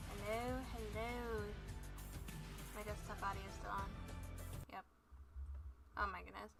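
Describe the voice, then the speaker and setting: A woman's voice: mid-range voice, fairly even intonation, a little slow, creaky, long pauses, over loud music. A woman streaming a game, chatting casually in a bubbly, scatterbrained way and joking at herself. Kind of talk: casual live-stream chat.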